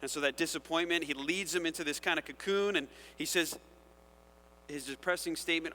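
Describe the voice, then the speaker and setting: A man preaching a sermon in a casual, conversational and animated way, often checking in with the audience. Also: fairly high pitch, brisk, long reverb tail, slight background noise. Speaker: pastor.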